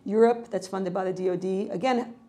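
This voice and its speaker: Animated middle-aged woman researcher. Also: mid-range voice, a little fast. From New York, United States. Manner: animated, frequent self-corrections and restarts. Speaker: cultural psychology researcher. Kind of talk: conversational interview answers.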